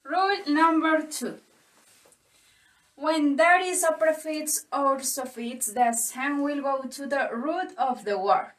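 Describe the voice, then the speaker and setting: Slow high-voiced Colombian woman, echoey room. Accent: Colombian Spanish. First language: Spanish. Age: young adult. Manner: deliberate, spells out letters and repeats example words. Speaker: student presenter. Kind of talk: reading phonetics rules for a lesson. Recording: echoey room, distant from the mic.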